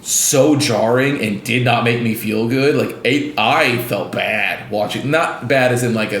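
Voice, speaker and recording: A man's voice: mid-range voice, unhurried, hardly any pauses, fairly bright tone, reverberant, a little hiss or hum. A man co-hosting a casual gaming podcast, rambling with lots of restarts and fillers and acting out scenes as he retells them. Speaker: podcast co-host.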